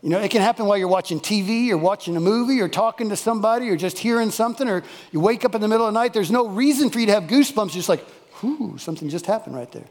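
Male preacher, high voice, folksy and emphatic, long church reverb. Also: racing, hardly any pauses. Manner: folksy, emphatic, repeats key phrases. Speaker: pastor. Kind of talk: sermon. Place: church worship service.

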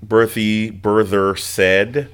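A man's voice: fairly low pitch, level tone, extremely slow, clean tone. A man in his fifties in a casual group chat, talking frankly with plenty of swearing and easy laughs. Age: 50s. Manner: frank and profane, laughs easily.

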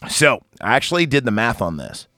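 A man's voice: mid-range voice, big pitch swings, fairly quick, sharp tone, no room sound, clean studio sound. A man hosting a casual podcast about a film, rambling, swearing often and laughing easily. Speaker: podcast host.

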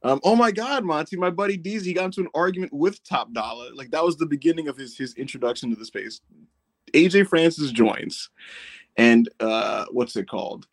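A man hosts a podcast in loose, casual chat, spinning animated stories and swearing freely. His voice sits a little high for a man. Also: a little fast. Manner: animated storyteller, swears, laughs often. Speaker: podcast host.

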